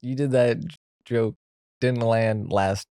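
A man's voice: mid-range voice, steady tone, takes it slowly, dark tone, no room sound, studio quality. A man from Iowa co-hosting a casual podcast, laid-back and joking. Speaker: podcast co-host.

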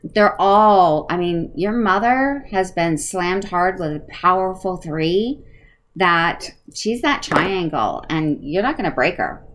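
A woman's voice: lowish voice, expressive, takes it slowly, fairly bright tone, slight background noise, low-quality recording. A woman hosting an interview, speaking in a supportive, reflective way. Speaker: host. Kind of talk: interview talk.

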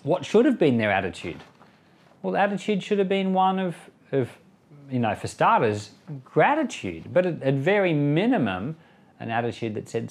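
Very animated, with a slightly high voice at normal speed, a pastor reads a Bible passage and then talks it over conversationally, occasionally acting out the quoted figures.

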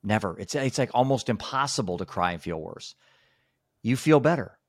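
A man's voice: mid-range voice, animated, moderate pace, no echo, studio quality. A man hosting a podcast, talking casually and rambling with many restarts. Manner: rambling, frequent restarts and "you know". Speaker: podcast host and speaker. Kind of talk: casual conversation.

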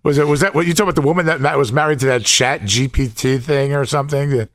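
Mid-pitched, stammering male co-host. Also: steady tone, a bit bright, no room sound, studio quality. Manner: halting, stammering, agreeable interjections. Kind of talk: political talk show chat.

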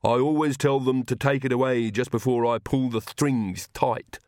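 A man voicing an earnest, stitched-together male castle servant with a low mumble. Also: fairly even intonation, normal speed, darkish tone, no room sound, studio quality, lightly acted.

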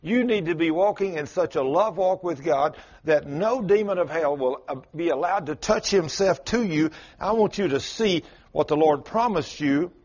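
A man's voice: animated, normal speed, hardly any pauses. A male pastor preaching a sermon, telling a story with sudden rises and drops in his voice. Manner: storytelling with dramatic swings in pitch and loudness. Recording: muffled lo-fi sermon recording.

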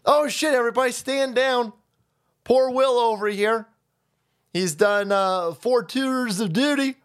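A man's voice: measured pace, clear, resonant tone. A man hosting a political stream, ranting crudely and mocking people as he goes. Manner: crude, mocking, jumps into high mock voices.

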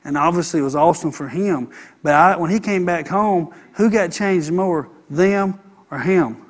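A man's voice: high-pitched, normal speed. A man preaching a sermon as a pastor, emphatic and repeating his phrases in building runs.

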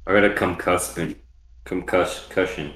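A man's voice: low-pitched, fairly even intonation, moderate pace, echoey room. A man co-hosting a podcast, riffing with crude jokes and wordplay. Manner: loud jokey wordplay. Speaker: podcast co-host. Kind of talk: crude casual banter.

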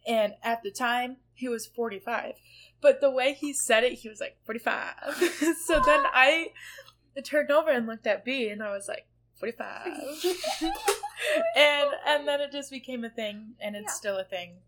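Brief: Southern teenage girl podcast co-host, slightly high voice, laid-back and teasing. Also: a little slow, a bit bright. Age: late teens. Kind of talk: casual chat.

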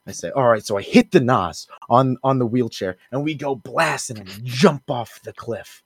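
Young man, podcast co-host, animated rambling storyteller, lively pitch, dry close sound. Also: fairly quick, few pauses, breathy edge, no room sound. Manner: animated storyteller, shouts character lines. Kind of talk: casual chat, rambling absurd story.

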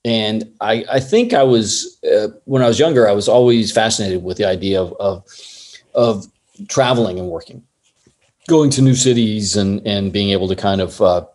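A man who works as an assistant director, telling a lively story in an interview and acting out other people's lines along the way. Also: on the low side, moderate pace. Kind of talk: casual anecdote in an interview.

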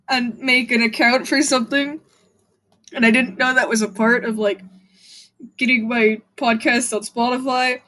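A young woman rambles through her own solo podcast, swearing freely and mocking herself. Her voice sits high and her delivery drags along at a slow pace. Now and then she breaks into a shrill, half-laughing shout. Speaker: podcast host. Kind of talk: casual solo podcast rant.

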